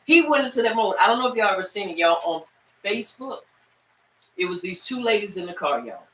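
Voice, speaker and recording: A woman teaching a Bible class, telling the story as a lively storyteller and speaking straight to her class. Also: medium pitch, fairly quick, a little hiss or hum. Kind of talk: animated Bible-study teaching. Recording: echoey room, far from mic.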